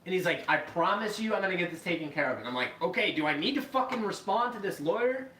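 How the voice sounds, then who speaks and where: A man hosting a podcast, telling a story casually with lots of swearing and animated acted-out quotes. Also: high-pitched, fast talker. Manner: profane, animated, acts out quoted voices. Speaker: podcast host. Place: live podcast room. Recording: echoey room, mic far off, faint noise.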